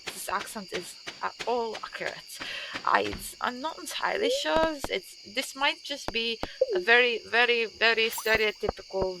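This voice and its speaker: A woman's voice: medium pitch, vocal fry, background noise. A woman streamer chatting while gaming, speaking in a put-on stereotypical German accent with stiff, formal phrasing. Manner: formal, slightly stilted phrasing. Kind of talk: casual chat while gaming.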